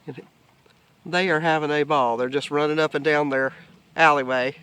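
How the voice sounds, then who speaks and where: A man explaining grazing on his farm in a relaxed, casual way. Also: fairly high pitch, moderate pace, slight background noise. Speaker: homesteader filming the farm. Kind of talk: casual farm vlog narration. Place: outdoors on a farm pasture.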